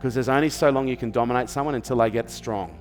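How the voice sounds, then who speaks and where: A man's voice: mid-range voice, fast, in a large hall, soft background music. An Australian man, a business coach, giving parenting advice in an emphatic, repetitive motivational style, checking in with "okay?" and "does this make sense?". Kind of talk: motivational talk in an interview.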